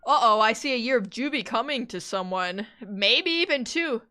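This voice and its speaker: A woman's voice: on the high side, expressive, normal speed, sharp tone. A woman streamer giving joking, incredulous live reactions to a story. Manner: incredulous, joking, laughing asides.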